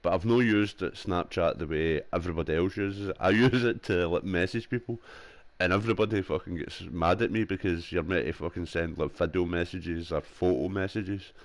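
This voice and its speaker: A man's voice: sits low, fairly quick, few pauses, dry recording. A young man with a Glasgow accent, chatting casually over a headset while gaming, swearing freely and laughing often. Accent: Scottish (Glasgow). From Scotland. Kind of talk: casual chat.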